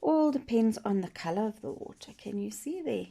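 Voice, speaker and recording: A woman giving a patient painting lesson for children, gently asking questions and dropping to soft whispers as she works. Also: on the high side, expressive, normal speed, creaky. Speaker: children's art teacher. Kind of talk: slow painting demonstration for children.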